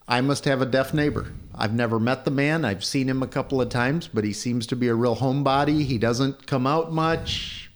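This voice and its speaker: Middle-aged man telling a story, animated. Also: normal speed. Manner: animated when quoting, raises pitch for dialogue. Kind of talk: storytelling in casual chat.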